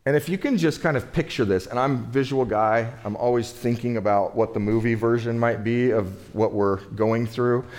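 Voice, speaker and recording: A man's voice: mid-range voice, moderate pace, hardly any pauses, a little mellow. Conversational American man preaching a sermon. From United States. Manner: conversational, relatable, with rhetorical asides. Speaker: pastor.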